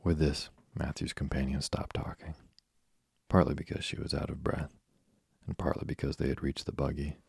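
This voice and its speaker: A man reading a novel aloud as a measured audiobook narrator. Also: very deep voice, flat delivery, vocal fry, a little mellow, breathy edge, dry recording, clean studio sound.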